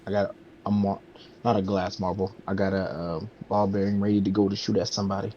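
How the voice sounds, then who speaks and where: Lower-voiced male player, dull mic. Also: flat delivery, fairly quick, dark tone, slight background noise. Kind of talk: casual tabletop game chat.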